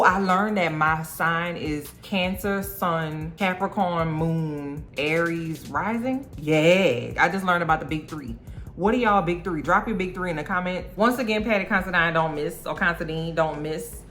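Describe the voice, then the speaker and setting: Sex: woman. Role: vlogger. Style: casual show recap, sassy and slangy. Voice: lowish. Behind: faint music. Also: fairly bright tone.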